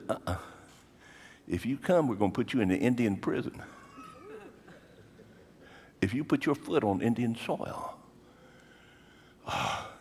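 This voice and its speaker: Older pastor preaching in a reverberant hall. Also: male voice, medium pitch. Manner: dramatic storytelling, swinging between hushed and raised. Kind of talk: sermon.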